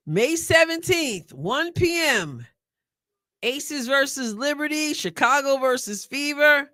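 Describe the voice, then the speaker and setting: A middle-aged woman hosts a live stream, her voice bright and forceful. She chats casually and excitably, thinking aloud and talking back to her viewers. The sound is dry and close, with no room around it. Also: high-pitched, takes it slowly, no echo. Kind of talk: casual live commentary reacting to a sports draft.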